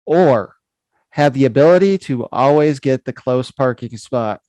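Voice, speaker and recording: A man's voice: medium pitch, lively intonation, a little slow, mellow, no echo. A man co-hosting a comedy podcast, reading out crude would-you-rather questions in blunt, casual banter.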